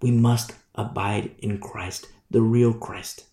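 A man's voice: lowish voice, flat delivery, slow, mellow. A man preaching a sermon emphatically, driving points home with repetition. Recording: echoey room.

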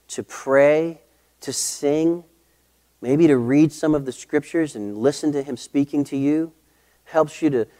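A man's voice: mid-range voice, dark tone. Emphatic middle-aged male pastor preaching. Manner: emphatic, repeating key phrases, slowing for stress. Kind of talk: sermon.

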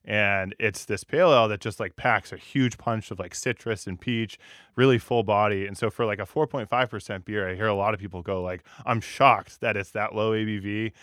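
A man, a brewery co-founder, chatting casually on a podcast, relaxed and full of fillers. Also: lowish voice, a little fast, dry recording, clean studio sound.

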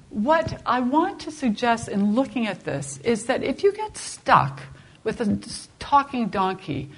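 A woman teaching a Bible class in a conversational, expressive way, often restarting her sentences. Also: mid-range voice, breathy edge. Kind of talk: informal Bible class lecture.

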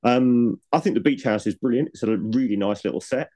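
A man's voice: mid-range voice, a little fast, warm tone. A man co-hosting a podcast, chatting casually with lots of ums and frequent laughter. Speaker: podcast co-host. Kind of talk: casual chat.

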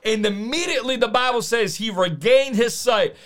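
A man preaching a sermon, emphatic, slowing down to repeat key lines. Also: very high voice, fairly bright tone.

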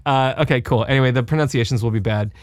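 A young adult man co-hosting a podcast, animated and joking, with a casual, profane way of talking. His voice sits at a middle pitch and the sound is close and dry, recorded in his home studio. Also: fast talker, clean tone, no echo. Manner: animated, swears freely, jokey. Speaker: podcast co-host.

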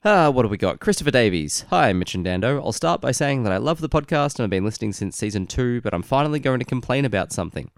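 A man's voice: mid-range voice, animated, quick pace, few pauses, dry recording, clean studio sound. A man co-hosting a podcast in casual chat, laid-back and understated, sounding congested and nasal. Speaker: podcast co-host.

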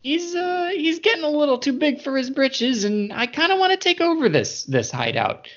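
A sly, plotting goblin underling, put on by a man running the game, talks high and bouncy with a gravelly edge. He wheedles and stalls with fillers. The audio sounds dull and lo-fi. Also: big pitch swings, moderate pace, fairly bright tone, slight background noise, heavily acted. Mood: scheming.

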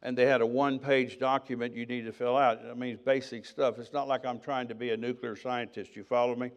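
A man's voice: mid-range voice, level tone, a little fast. An older man preaching, telling his own story in a conversational way and acting out the dialogue. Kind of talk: sermon testimony.

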